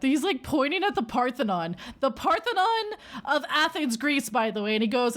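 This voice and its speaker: A woman streamer chats casually and spins a rambling story for her viewers. Her fairly high voice swings widely, jumping up into squeals whenever something excites her. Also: normal speed.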